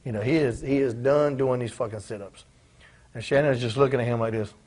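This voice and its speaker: A man's voice: mid-range voice, steady tone, quick pace, a little mellow. A man in his forties, a former pro wrestler telling profane stories in an interview and acting out the voices of the people in them. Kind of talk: casual storytelling in a shoot interview.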